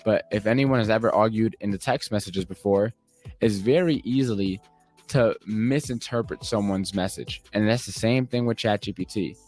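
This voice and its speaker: A man explaining a process step by step in a clear teaching manner. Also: on the low side, moderate pace, darkish tone. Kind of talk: instructional explanation. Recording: faint background music.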